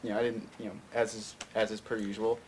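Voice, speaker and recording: A man's voice: on the low side, little pitch movement, fast, darkish tone, a little hiss or hum. A young man from Tennessee telling a long story as a guest on a talk show, full of fillers and restarts. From Fayette County, Tennessee. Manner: rambling, many fillers and restarts. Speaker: guest filmmaker. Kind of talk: casual storytelling interview.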